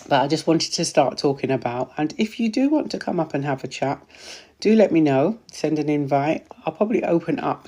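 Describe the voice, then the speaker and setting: A woman's voice: sits low, a little mellow, slight background noise. Chatty woman host greeting live viewers. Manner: chatty, greets viewers by name, repeats phrases. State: voice going hoarse. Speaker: menopause wellness practitioner and live-stream host. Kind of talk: casual live-stream chat.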